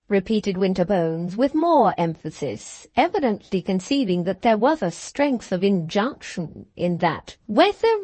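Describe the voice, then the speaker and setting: A woman narrating a classic novel as an audiobook in an expressive, deliberate manner. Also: medium pitch, dry recording.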